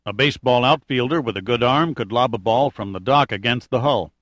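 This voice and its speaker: A man's voice: medium pitch, brisk, a bit bright, no echo, lightly acted. A man reading an audiobook, voicing a practical adult male guide who talks bluntly and matter-of-factly.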